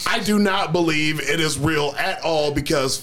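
A man's voice: fairly high pitch, a crowd in the background. A man co-hosting a casual podcast, swearing freely and joking through the news. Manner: profane, slow and drawling, jokey. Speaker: podcast co-host. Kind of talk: casual chat.

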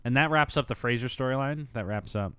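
A man's voice: mid-range voice, fairly quick, bright, forceful tone, clean tone, no room sound. A man in casual chat recapping a movie with dry, sarcastic asides and plenty of fillers. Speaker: co-host.

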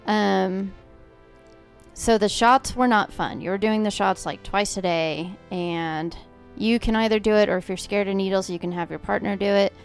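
A woman's voice: mid-range voice, normal speed, soft background music. A woman co-hosting a podcast, telling a personal story in a chatty, casual way with lots of filler words. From Oklahoma. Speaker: podcast co-host. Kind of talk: casual chat.

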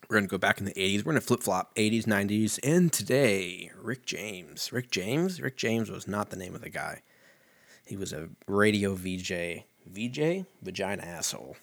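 Male podcast host, slightly low voice, swears a lot, rambles and jokes at his own expense, a bit tipsy. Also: no echo. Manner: profane, rambling, self-mocking. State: tipsy from whiskey. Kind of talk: casual podcast chat reading a comment aloud.

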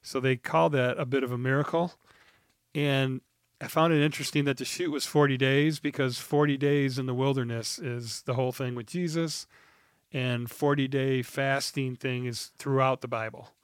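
A man in a relaxed podcast conversation, talking at an ordinary middle pitch. He wanders through his notes with frequent ums and restarts, and swears casually. The sound is close and dry. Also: normal speed, smooth, no room sound. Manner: rambling, reads from notes with many ums; laid-back and profane. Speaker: podcast co-host. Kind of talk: casual chat.

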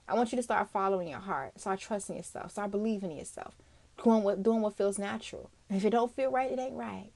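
A young adult woman hosting a motivational podcast, talking in a sassy, emphatic way, swearing freely and calling her listeners girl. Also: medium pitch. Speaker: podcast host.

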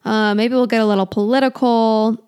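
A woman's voice: a little high, steady tone, a little fast, darkish tone, clean tone. Chatty young woman hosting a podcast. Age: 20s. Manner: chatty, rambling, self-deprecating, restarts often. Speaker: podcast host. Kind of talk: casual solo podcast chat.

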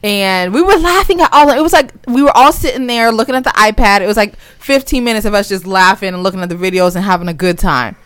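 Una mujer que conversa de forma casual, contando una historia con animación y soltando risitas mientras habla. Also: female voice, mid-range voice, fast talker, hardly any pauses, clean tone, dry recording. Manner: giggly, keeps chuckling while she talks; animated storyteller. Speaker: podcast co-host. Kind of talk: casual chat.

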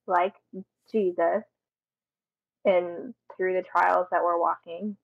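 Gravel-edged woman on a remote call. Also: lowish voice, dry recording, phone-quality sound. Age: adult with a daughter. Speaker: author and guest. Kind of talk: remote interview conversation. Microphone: headphones on a call.

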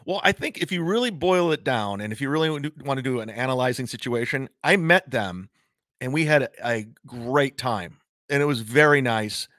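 A man's voice: mid-range voice, animated, normal speed, a bit bright, dry recording, studio quality. A man, a comedian, talking on a live stream in a rambling way, stumbling over his words and restarting sentences often. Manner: rambling, self-interrupting with many restarts. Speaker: comedian guest. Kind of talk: casual live-stream conversation.

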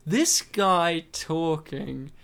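This host talks in a relaxed, mid-pitched voice during a casual movie watch-along. The delivery is teasing and sarcastic, with lots of laughter breaking through the jokes. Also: drawn-out words, gravelly. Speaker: podcast host. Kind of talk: casual movie commentary chat.

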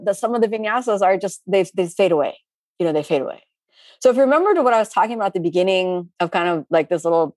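Middle-aged woman, yoga teacher, chatty and animated Q&A delivery, dry close sound. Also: lowish voice, no echo. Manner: chatty, animated, with playful asides. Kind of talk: live online class Q&A.

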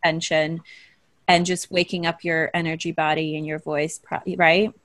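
A woman's voice: low-pitched, level tone, normal speed, fairly bright tone, no echo. A woman hosting a casual interview, curious and encouraging as she asks questions. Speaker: interviewer host.

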